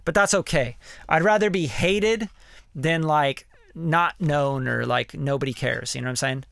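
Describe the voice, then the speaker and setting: A man's voice: on the high side, a little slow, vocal fry, fairly bright tone, dry recording. A man who produces music, talking casually on his live stream, candid and rambling, full of "like" and "you know" and ready swearing.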